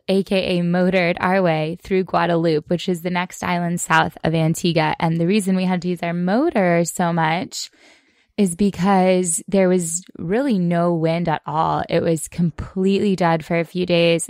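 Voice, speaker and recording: A woman's voice: on the low side, darkish tone, no room sound, studio quality. A woman co-hosting a podcast from a sailboat, chatting frankly and laughing easily, with small restarts. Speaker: podcast co-host. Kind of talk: casual chat. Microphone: podcast mic.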